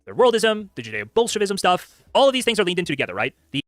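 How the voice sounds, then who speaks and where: A man live-streaming casual commentary, talking rapidly with lots of filler words, tired from a long stream. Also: high-pitched, sing-song, dry recording, soft background music. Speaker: streamer reacting to clips.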